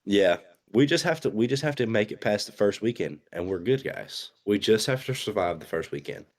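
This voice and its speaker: Lively lower-voiced excitable fan. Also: male voice, brisk. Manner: excitable fan who vents openly. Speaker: podcast guest. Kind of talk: casual sports chat.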